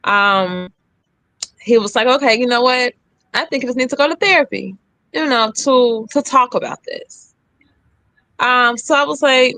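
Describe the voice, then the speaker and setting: A woman's voice: a little high, unhurried, long pauses, sharp tone, no room sound. A young woman candidly telling her own story, re-enacting the lines of others with emphasis. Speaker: guest sharing her story.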